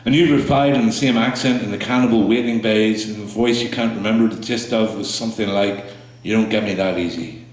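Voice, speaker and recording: Low-voiced man reading poems in an echoey room. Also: fairly even intonation. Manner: slow, halting delivery with fillers between poems. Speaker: poet performing his work. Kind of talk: spoken word poetry reading. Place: small room with audience. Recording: echoey room, mic far off.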